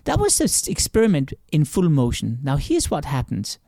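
A man interviewed as an author answers conversationally, telling stories and giving examples with acted-out quotes, repeating words and restarting sentences. His voice sits on the high side with a sing-song lilt, a dark tone and a moderate pace. The studio-quality recording has no room sound.

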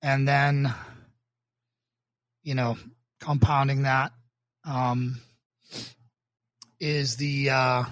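A man from Boston, a pastor hosting his own livestream, talking earnestly and emotionally with halting restarts before moving into a sermon. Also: mid-range voice, level tone, no echo, studio quality. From Boston, United States. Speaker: pastor and show host. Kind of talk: livestreamed casual talk leading into a sermon.

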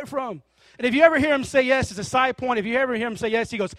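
A man with a high voice preaches a sermon, telling stories and slipping into the voices of the people in them. His delivery is animated and conversational, with no room echo at all. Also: rapid-fire. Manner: animated storytelling, acting out characters.

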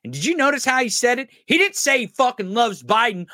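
A man's voice: extremely high pitch, sing-song, fairly quick, sharp tone, dry recording, studio quality. A man hosting a podcast, giving crude, mocking political commentary and swearing constantly. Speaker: podcast host. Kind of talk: profane political commentary over clips.

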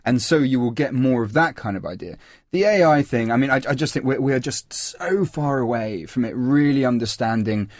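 A man's voice: medium pitch, a little fast, no echo. A man speaking as a guest on a podcast panel, dry-witted with stammering restarts. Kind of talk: casual panel discussion.

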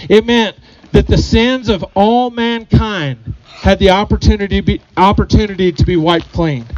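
A man's voice: sits high, moderate pace, a little mellow, no echo, lo-fi sound. A man preaching a sermon to his congregation, earnest, often repeating phrases and putting questions to the people. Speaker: pastor.

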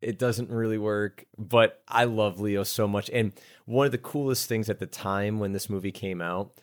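A man's voice: on the low side, steady tone, moderate pace. A man co-hosting a casual movie podcast, talking earnestly and enthusiastically and laughing along. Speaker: podcast co-host. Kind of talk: casual movie review chat.

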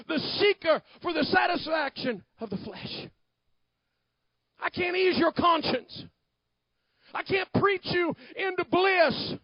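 A male pastor preaches a fiery sermon in a very high voice. He swings from quiet, close asides to shouted declarations. The sound is dry and a little dull. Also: no room sound.

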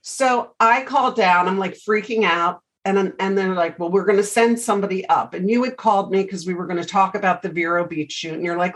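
A middle-aged woman hosting an interview podcast, telling animated stories in a chatty, casual way. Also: medium pitch, a little fast, hardly any pauses, low-quality recording. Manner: chatty storyteller, animated anecdotes. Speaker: podcast host.

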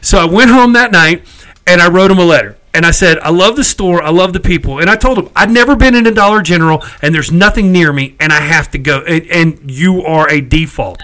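A middle-aged man tells a story in a casual chat. His voice sits high and rings bright. He sounds exasperated and swears freely. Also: fairly quick, rough recording. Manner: chatty, exasperated, salty language.

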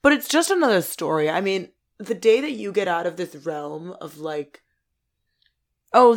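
A woman in her twenties co-hosting a podcast, chatting in an excitable, ranting way and swearing a lot. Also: lowish voice. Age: 20s. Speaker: podcast co-host. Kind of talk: casual chat.

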